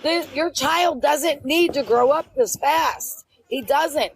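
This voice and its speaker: A woman's voice: high voice, takes it slowly, low-quality recording. A middle-aged woman on a livestream, angrily confronting someone in an insistent, repetitive, scolding way. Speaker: livestream guest confronting host.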